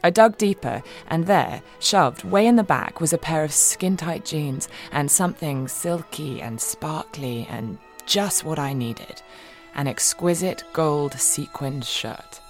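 A woman reading a first-person audiobook in a wry, expressive way, swinging between giddy and hushed. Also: low-pitched, slow pace, soft background music. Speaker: audiobook narrator.

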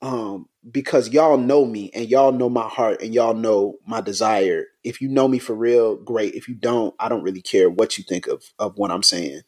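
A man's voice: on the low side, normal speed, few pauses, darkish tone. A man co-hosting a podcast, talking casually and emotionally, often stopping and restarting his sentences in frustration. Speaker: podcast co-host.

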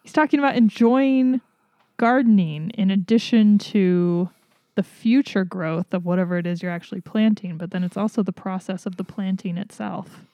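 A woman's voice: mid-range voice, moderate pace, mellow, no echo. A woman co-hosting a casual investing podcast, chatty and reflective, with wry asides. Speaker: podcast co-host.

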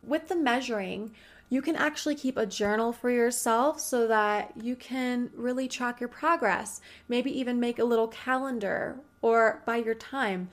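A woman's voice: fairly high pitch, a little slow. A woman talking casually through goal-setting advice, speaking straight to the listener and piling up rhetorical questions. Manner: chatty, addresses listener directly with many rhetorical questions.

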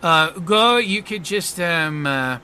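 Guy doing a smug french superhero, bright pushy voice, lots of uhs and theatrical swagger. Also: fairly high pitch, lively intonation, slow pace, slight background noise, heavily acted. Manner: smug, theatrical, full of hesitations. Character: flamboyant pompous male superhero with French flourishes. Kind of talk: tabletop role-play voice acting.

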